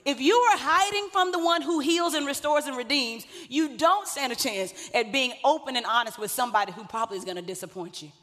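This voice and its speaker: A woman's voice: high voice, a little fast, few pauses, fairly bright tone. A woman pastor, preaching a sermon in a conversational way, with joking asides to the congregation. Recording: long hall reverb.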